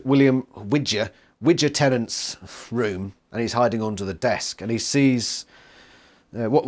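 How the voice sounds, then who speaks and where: Sarcastic man reviewing a book. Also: mid-range voice. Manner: swearing, sarcastic, animated. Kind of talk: casual video review.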